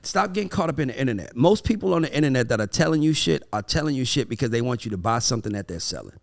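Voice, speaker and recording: A man in casual podcast conversation with a gravelly, fry-tinged voice. He tells stories with swearing and emphasis. When he quotes the kids, he slips into their voices. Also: medium pitch, rapid-fire. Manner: animated storytelling, acting out his kids' voices; profane, emphatic. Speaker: podcast host. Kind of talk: casual chat.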